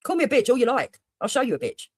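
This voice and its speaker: A woman's voice: fairly high pitch, big pitch swings, fast, husky, no echo. A woman doing heated reaction commentary on a livestream, blunt and mocking, with heavy swearing. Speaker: livestreamer reacting to another streamer.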